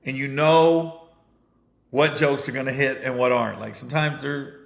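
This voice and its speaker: Gravelly comedian telling stories. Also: male voice, mid-range voice, normal speed, roomy sound. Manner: animated storytelling, rising to shouts when fired up. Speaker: comedian and podcast host. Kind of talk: casual monologue.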